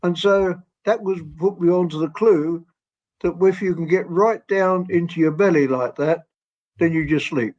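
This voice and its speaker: A man in his eighties from England, telling stories as a guest in a gentle, rambling way and laughing often. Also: sits high, moderate pace. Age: 80s. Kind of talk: storytelling interview. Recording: dull lo-fi audio.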